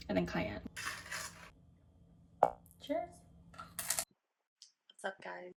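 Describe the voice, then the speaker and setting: A woman's voice: mid-range voice, slight background noise, rough recording. A young woman vlogging casually, chatty and self-conscious, clipping her words short. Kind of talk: casual vlog talk. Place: home kitchen, then car.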